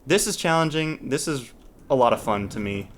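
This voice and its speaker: A man's voice: mid-range voice, expressive, moderate pace, slight background noise. A man hosting a let's play, talking casually as he thinks aloud, restarting sentences and trailing off, with mild exasperation. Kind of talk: casual gameplay commentary.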